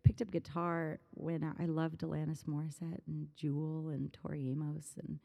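A woman's voice: deep voice, little pitch movement, normal speed, creaky, dark tone. A woman musician in her thirties in a casual interview, chatting animatedly, often laughing and rambling through stories. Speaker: musician guest.

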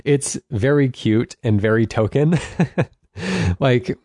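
A man chatting casually as a podcast co-host, rambling a little and laughing softly. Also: medium pitch, slow, no room sound, clean studio sound. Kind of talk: casual chat.

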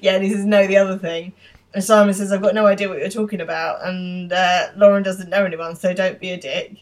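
A podcast co-host retelling a TV episode scene by scene in a steady, casual way. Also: medium pitch, a little fast.

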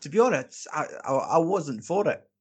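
A man's voice: on the high side, sing-song, moderate pace, husky. A man co-hosting a beer podcast, blunt and sweary in casual banter. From Scotland. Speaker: podcast co-host.

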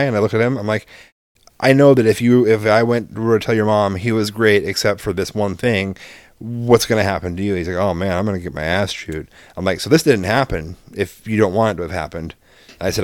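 Man, casual storytelling, acts out dialogue, swears, low voice, dead-dry sound. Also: dry recording. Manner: animated, acts out both sides of dialogue, swears freely. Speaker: parent telling a story.

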